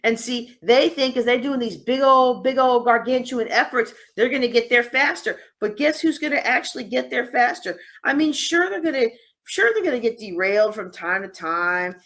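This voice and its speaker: A woman speaks to a live conference audience, her voice sitting a little high. She coaches in a lively, teasing way and leans into sarcasm to make her points. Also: moderate pace. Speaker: host and workshop speaker. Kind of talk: live conference workshop talk. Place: conference room.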